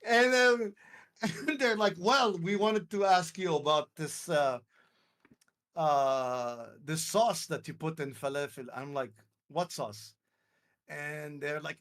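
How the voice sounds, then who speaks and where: A man's voice: a little high, unhurried, fairly bright tone. A young man from Lebanon telling a story on a live stream, acting out quotes and swearing freely. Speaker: streamer hosting a live call. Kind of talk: casual storytelling chat.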